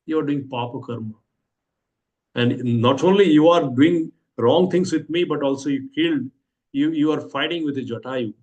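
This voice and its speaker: A man's voice: on the high side, moderate pace, darkish tone, muffled recording, pitched above the performer's own voice, natural voice. An Indian-accented man speaking as an abducted princess, pleading and urgent in a somewhat raised voice. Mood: reproachful.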